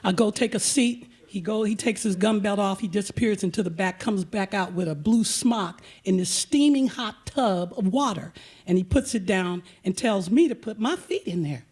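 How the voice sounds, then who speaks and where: A woman hosting and telling a comic personal story live on stage at a museum auditorium, animated and full of breathless asides. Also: medium pitch, normal speed, breathy edge. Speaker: storyteller and host.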